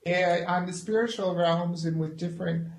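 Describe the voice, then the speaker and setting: A man's voice: high-pitched, fairly even intonation, moderate pace, echoey room, low-quality recording. A man hosting a talk show who speaks hesitantly and welcomes his guest with many fillers. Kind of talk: casual interview chat.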